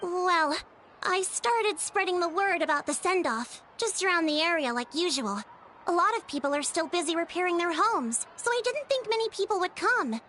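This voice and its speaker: An actress playing a flustered young woman organizing a village feast in a video game, talking in a chatty, animated way. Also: very high voice, moderate pace, a little hiss or hum, heavily acted.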